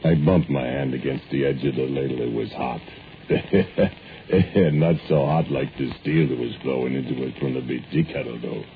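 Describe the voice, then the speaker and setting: An actor playing a brooding, drunken male foundry laborer who speaks broken English in slow, confessional 1940s radio drama style. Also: a bass voice, fairly even intonation, creaky, a little hiss or hum. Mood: confessing. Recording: narrow-band old radio recording with music.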